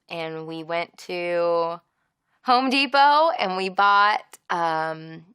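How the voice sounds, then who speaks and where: A woman's voice: fairly low pitch, a bit bright, clear, resonant tone, no echo, clean studio sound. A young adult woman and songwriter talking openly in an interview, confessional and casually profane as she explains her own song. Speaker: singer-songwriter. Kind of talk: candid interview talk.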